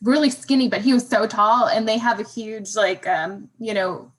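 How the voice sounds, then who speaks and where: A woman guest who works in museums, chatting casually and telling easygoing anecdotes with soft laughs. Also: mid-range voice, fairly even intonation, moderate pace. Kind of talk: casual chat.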